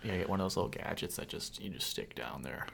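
Gravelly guest with short dry replies. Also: male voice, low-pitched, lively intonation, fast talker, fairly bright tone, slight background noise. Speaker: podcast guest. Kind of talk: casual podcast chat.

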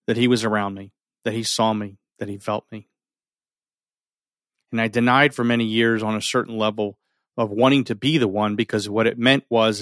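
A middle-aged man telling a personal story with earnest feeling, often sinking his voice low and holding back tears. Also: fairly bright tone, dry recording, studio quality. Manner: earnest, emotional, often drops to near a whisper. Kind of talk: personal story told to an audience.

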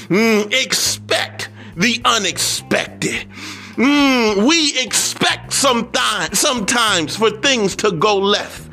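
A man preaching an emphatic, repetitive motivational sermon that rises at times to shouting. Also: extremely high pitch, slow pace, vocal fry, faint music behind.

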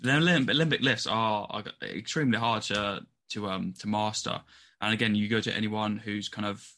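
Casual male podcast host, lowish voice. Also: normal speed, pushed and bright. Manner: chatty, filler-heavy questions. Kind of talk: casual interview chat.

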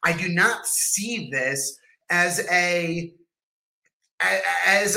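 A man's voice: sits high, pushed and bright, poor audio. A man co-hosting a podcast, talking in a rambling way with many restarts and easy laughs. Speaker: podcast co-host. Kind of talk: casual podcast chat.

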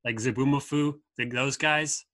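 A man's voice: mid-range voice, fairly even intonation, moderate pace, pushed and bright, no room sound. A man co-hosting a podcast, chatting casually and rambling through asides. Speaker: podcast co-host. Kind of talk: casual chat.

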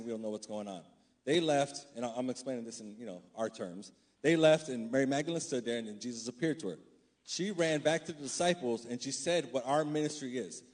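Husky-voiced male preacher. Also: mid-range voice, darkish tone. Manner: reads scripture, then preaches conversationally with questions to the congregation. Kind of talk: sermon.

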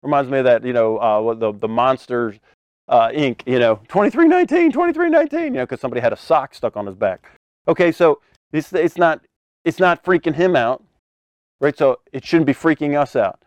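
A man preaching a conversational sermon, animated, acting out scenes with sudden loud bursts and laughing often between phrases. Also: mid-range voice, normal speed, smooth, dry recording.

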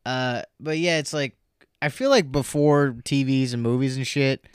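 Man, podcast co-host, goofy casual banter, middle pitch, smooth clear tone. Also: moderate pace, dry recording, studio quality. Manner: profane, jokey, goofy banter. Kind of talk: casual chat.

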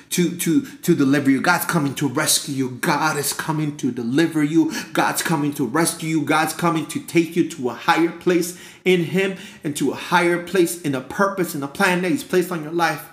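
A man's voice: on the high side, normal speed, few pauses, roomy sound. A man preaching a fervent sermon with a repetitive, rhythmic cadence.

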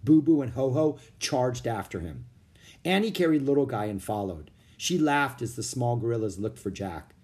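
A man narrating a children's storybook with an expressive reading. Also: medium pitch, moderate pace.

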